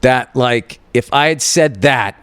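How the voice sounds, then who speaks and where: A man's voice: mid-range voice, slow, fairly bright tone, smooth, dry recording. A man in his fifties, a podcast host, telling a comedic story in a profane, exasperated rant and acting out both sides of an argument.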